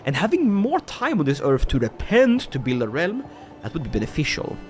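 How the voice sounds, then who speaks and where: Playing a strategy game on a live stream, this man from Sweden talks at a moderate pace in a slightly high voice. His commentary is casual and lively, full of jokes, laughter, and back-and-forth with chat.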